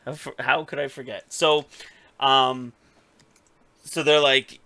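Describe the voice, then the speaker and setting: A podcast co-host recaps a story with animated energy, swearing and slipping into the characters' lines while staying casual throughout. His medium-pitched voice is very bright and forward and he speaks slowly, with a close, dry sound and no room sound.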